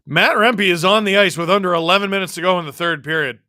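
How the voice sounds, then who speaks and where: A man hosting a live stream, casually calling a hockey game and chatting, his voice worn a little deeper from long talking. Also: quick pace, sharp tone, no room sound, studio quality. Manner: chatty, reacting to the game and chat as it happens. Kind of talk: casual live play-by-play and chat.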